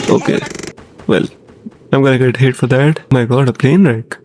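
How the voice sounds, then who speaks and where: A medium-pitched man riffs through let's-play commentary for his gaming channel, jokey and excitable, frequently panicking at the game. He speaks at normal speed with vocal fry, over a noisy background.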